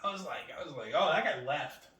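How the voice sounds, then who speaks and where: A male comedian telling a story on a podcast, animated and profane, acting out other people's lines. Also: a little high, brisk. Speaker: comedian guest. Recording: echoey room, distant mic.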